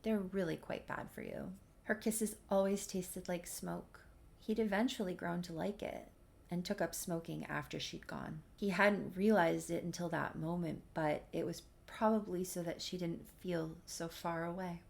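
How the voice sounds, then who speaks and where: A woman's voice: on the low side, fairly even intonation, normal speed, creaky. A woman casually narrating a life-simulation game story, chatty with wry asides.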